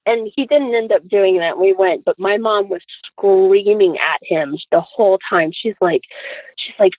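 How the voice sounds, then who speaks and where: A woman guest telling a story in an animated, chatty way, full of fillers and acted-out quotes, heard over a tinny phone line. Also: mid-range voice, a little slow, dry recording. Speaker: podcast guest.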